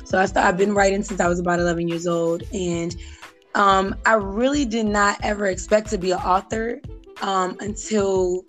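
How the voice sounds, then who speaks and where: A woman's voice: mid-range voice, steady tone, normal speed, soft background music. Reflective woman guest on a podcast. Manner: reflective, with fillers and soft laughs. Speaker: guest author and life coach. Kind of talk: casual interview chat.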